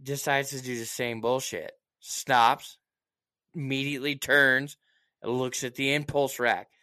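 A man with a bright, forceful voice tells a story in casual chat as a profanity-laced rant. He is animated and slips into mocking asides as he goes. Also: medium pitch, unhurried.

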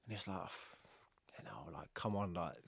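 A man telling stories in a casual podcast interview, animated and swearing, acting out what others said. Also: low voice, normal speed, creaky, breathy edge, dry recording. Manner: animated storyteller, acts out quoted dialogue, swears. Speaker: guest, retired footballer.

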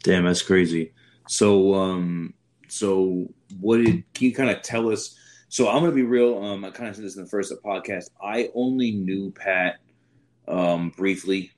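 A man hosting a podcast who asks loose, relaxed questions in casual conversation. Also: low-pitched, measured pace. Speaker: podcast host. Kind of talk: casual interview chat.

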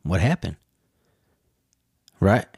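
A man talks to himself on his own podcast in a loose, meandering monologue, full of profanity and questions he answers himself. His voice sits on the low side, and the recording is dry and close. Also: very animated, very slow, creaky, darkish tone, husky, no room sound. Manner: rambling, profane, rhetorical questions. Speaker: podcast host. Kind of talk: casual solo monologue.

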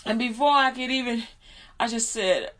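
A woman preaching in an informal storytelling style, animated, laughing often and repeating her phrases. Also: on the high side, normal speed.

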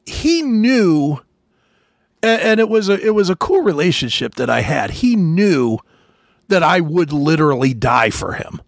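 A man hosting a podcast, telling army stories in a casual, profane way and loudly acting out the people he quotes. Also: a little high, unhurried, creaky, no room sound, clean studio sound. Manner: animated, swearing, acts out quotes loudly. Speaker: podcast host, former soldier. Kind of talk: casual storytelling chat.

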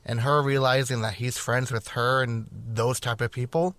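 Relaxed male co-host, mid pitch, hesitant casual remarks. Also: moderate pace, no room sound. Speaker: podcast co-host. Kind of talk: casual chat.

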